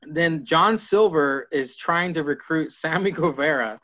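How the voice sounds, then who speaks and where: A man co-hosting a casual wrestling podcast, retelling scenes in an animated way and swearing freely. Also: a little high, a little slow. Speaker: podcast co-host. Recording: lo-fi podcast audio.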